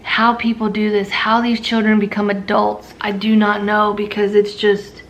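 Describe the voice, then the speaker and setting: Weary mother venting, gravelly voice. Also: mid-range voice, monotone, normal speed. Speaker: mother vlogger. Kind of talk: candid personal vlog.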